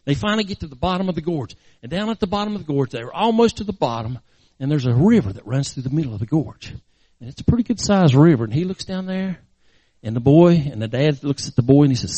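High-voiced man preaching dramatically. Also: lively intonation, quick pace, dark tone, no room sound. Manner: emphatic, repetitive, dramatic narration. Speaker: pastor. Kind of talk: sermon storytelling.

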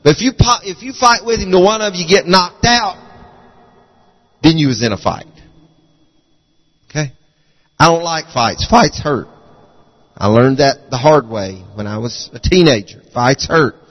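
High-voiced preacher in a reverberant hall. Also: male voice, lively intonation, a little slow, pauses often, fairly bright tone. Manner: fervent preaching, frequent restarts and repeated words. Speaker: pastor. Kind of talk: sermon. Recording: long reverb of a large hall.

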